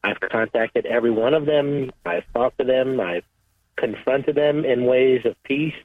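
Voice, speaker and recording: A man calling in on the phone, halting and earnest, often repeating himself. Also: medium pitch, no echo. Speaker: caller. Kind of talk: call-in testimony. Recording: tinny phone line, dry.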